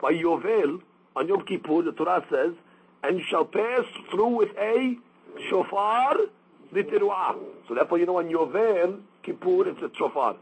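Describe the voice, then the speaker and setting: A man's voice: high voice, moderate pace, breathy edge, rough recording. A man teaching a daily Talmud class, explaining step by step and mixing Aramaic quotes with English.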